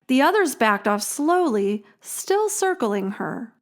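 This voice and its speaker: Woman narrating a dark story. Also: fairly high pitch, big pitch swings. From Illinois, USA. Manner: measured, dramatic storytelling. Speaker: podcast host and storyteller. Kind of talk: scripted narration.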